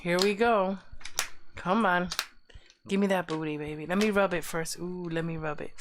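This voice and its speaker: A woman's voice: lowish voice, measured pace, background noise. A woman hosting a live stream show, chatting casually in a giggly, teasing, playful way.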